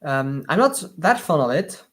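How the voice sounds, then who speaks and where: A live streamer chatting casually while building with LEGO, answering viewer comments in slightly awkward non-native English, with lots of pauses and restarts. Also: medium pitch, very animated. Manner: hesitant, many fillers and restarts.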